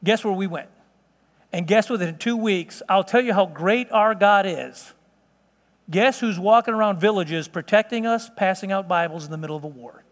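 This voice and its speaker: A man giving an animated sermon testimony, telling a story with laughs and exclamations. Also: sits high, normal speed. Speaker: preacher. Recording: hall reverb.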